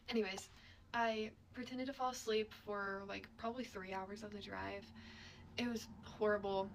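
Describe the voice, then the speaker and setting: Young woman, slightly high voice, chatty storyteller with whispered asides and faint background hiss. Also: fast talker. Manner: chatty, filler-heavy, drops to whispered asides. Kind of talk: casual storytime.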